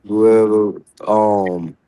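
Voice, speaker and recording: A man's voice: lowish voice, fairly even intonation, very slow, mellow, slight background noise, low-quality recording. A man talking in a loose, colloquial way as a guest in a discussion. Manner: loose, colloquial, restarts often. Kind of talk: casual discussion.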